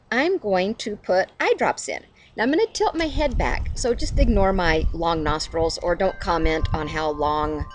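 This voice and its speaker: Casting: middle-aged woman, warm-hearted devotional vlogger, lively pitch, self-deprecating, faint hiss under a camera mic. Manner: chatty, self-deprecating, laughs at herself. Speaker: devotional video host. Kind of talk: casual devotional talk to camera.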